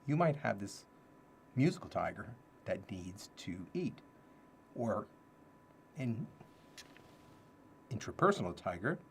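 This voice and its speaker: A man's voice: lowish voice, big pitch swings, slow pace, creaky, pauses often, background noise. A man hosting a casual livestream talk, thinking aloud and repeating his key phrases. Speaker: livestream host teaching self-development ideas.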